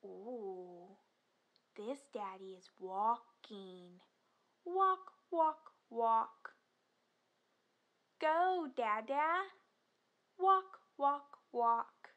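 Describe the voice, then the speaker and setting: A young woman teaching first words to toddlers in a slow, exaggerated sing-song voice, with excited gasps and drawn-out simple words. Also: a little high. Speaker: children's educator, speech therapist.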